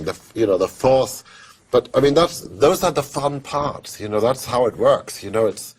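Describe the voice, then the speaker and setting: A man's voice: fairly low pitch, moderate pace, a little hiss or hum. A man being interviewed about his work as a film composer, telling stories in a loose, rambling way with lots of fillers and restarts. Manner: animated anecdote telling. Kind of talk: casual storytelling interview.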